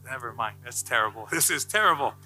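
A male pastor preaching a sermon, joking with the congregation and building to loud, passionate calls. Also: mid-range voice, animated, fairly quick, faint music behind, poor audio.

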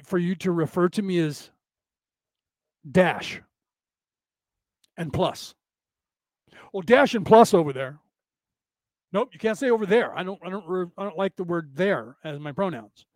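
Male podcast host, high pitch, dry close recording; sarcastic, rambling, swears freely. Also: no room sound. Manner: rambling, sarcastic, profane, acts out quoted exchanges. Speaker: podcast host teaching a class. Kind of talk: casual lecture-style monologue.

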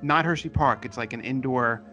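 A man telling a short, lively anecdote in a casual group chat. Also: medium pitch, normal speed, muffled recording, faint music behind.

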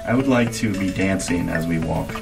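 A man playing a tabletop game in character, joking in a deadpan way. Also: sits low, normal speed, creaky, music in the background. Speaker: player.

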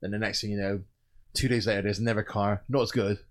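A man co-hosting a casual podcast, telling stories in an animated way and acting out quick quoted lines. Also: on the low side. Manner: animated storytelling, recaps soap plots with quick quoted voices. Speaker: podcast co-host. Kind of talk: casual chat.

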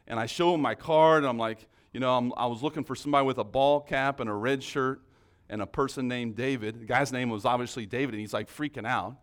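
A man's voice: mid-range voice, smooth. A man preaching a sermon, telling a story in a casual, conversational way with many restarts. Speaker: pastor.

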